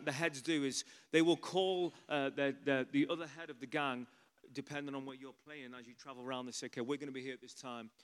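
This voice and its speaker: Chatty preacher in an echoing hall. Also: male voice, medium pitch, clean tone. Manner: chatty, animated, many asides. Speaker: pastor. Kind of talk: storytelling sermon.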